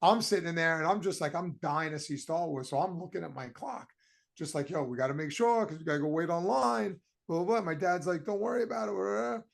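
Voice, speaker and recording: A podcast co-host tells a story with rising exasperation and casual swearing. His voice sits higher than most men's. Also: brisk, creaky. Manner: animated, profane, exasperated storytelling.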